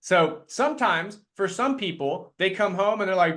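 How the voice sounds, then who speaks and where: A man leading a live sales training talk, energetic and quick to act out his clients in put-on voices. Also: high voice.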